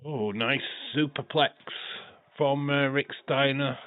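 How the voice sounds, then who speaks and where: A tired, stuffy-nosed man hosting a livestream, giving loose wrestling play-by-play with swearing and sudden excited bursts. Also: mid-range voice, slow. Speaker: livestream host. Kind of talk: casual wrestling watch-along commentary. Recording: thin phone-like sound.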